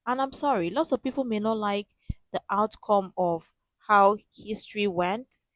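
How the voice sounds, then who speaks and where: Woman, reaction host, emphatic, repeats herself, middle pitch, dry close sound. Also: measured pace, no echo, poor audio. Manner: emphatic, repeats key phrases. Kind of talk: casual commentary.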